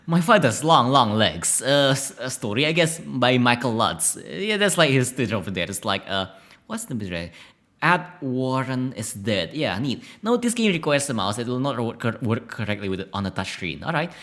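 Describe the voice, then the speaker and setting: A man's voice: mid-range voice, sing-song, moderate pace, fairly bright tone. A man streaming himself reading an interactive story aloud, stumbling and correcting himself, with giggly jokey asides. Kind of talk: casual read-aloud with joking asides.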